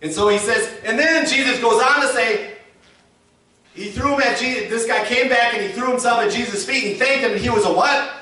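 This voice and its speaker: A man's voice: very high-pitched, brisk, pushed and bright. A man preaching a sermon as pastor, emphatic and calling the congregation to repeat his words, recorded from a distance in a church. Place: church sanctuary. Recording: echoey church hall from far off.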